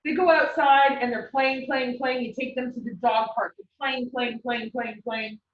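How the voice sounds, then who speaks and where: A female instructor teaches a class at a moderate pace, drifting into personal stories and laughing readily. Her fairly high voice sounds chatty and lively. A distant mic across the classroom gives a dull, roomy recording with a little background noise.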